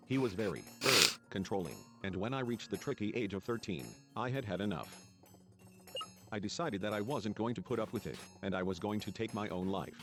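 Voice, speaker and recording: Low-voiced man reading game text. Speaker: let's play narrator reading game text. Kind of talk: reading game dialogue aloud.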